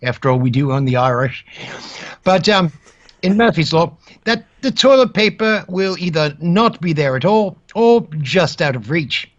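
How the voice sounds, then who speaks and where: A man's voice: fairly high pitch, animated, normal speed, lo-fi sound. A man with an English accent co-hosting a comedic webcam stream, bantering in a dry, mock-formal way. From England. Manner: mock-formal, dry banter, keeps addressing his co-host by name. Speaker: co-host of a webcam stream show. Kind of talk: casual comedic stream chat. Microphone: webcam microphone.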